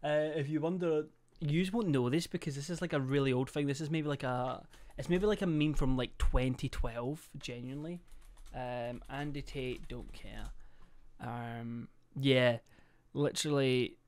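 A man's voice: medium pitch, moderate pace, darkish tone. Chatty young man streaming. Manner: swearing, laughing, chatty. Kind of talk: casual stream chat reacting to videos.

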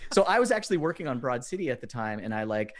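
A man telling funny stories as a podcast guest, animated and often laughing as he acts out quoted messages. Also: mid-range voice, fast talker. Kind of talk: casual storytelling chat.

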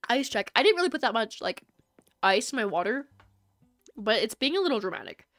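Woman, streamer, casual rambling chat, animated delivery, high-ish pitch. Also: a little fast, no room sound, faint music behind. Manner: rambling, chatty, talks to chat. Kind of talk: casual live-stream chat while gaming.

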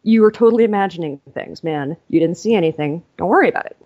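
A woman's voice: fairly low pitch, quick pace, dull audio, natural voice. A woman doing a brusque, dismissive bishop. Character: stern dismissive male bishop.

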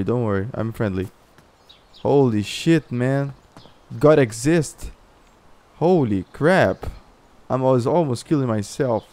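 A Brazilian man with a Brazilian Portuguese accent, a gaming YouTuber doing excitable, exaggerated commentary and in-game voice chat, swearing a lot. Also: medium pitch, slow.

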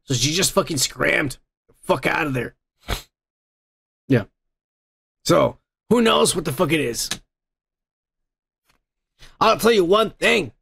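A man's voice: a little high, animated, slow, creaky, long pauses, a bit bright, husky. A man hosting a comedy podcast, ranting and swearing constantly in a crude, rambling way. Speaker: podcast host. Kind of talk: crude drunken comedy rant.

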